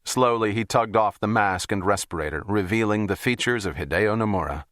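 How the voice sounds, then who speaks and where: A man narrating a thriller audiobook in a steady, even reading. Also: lowish voice, brisk, dry recording, studio quality.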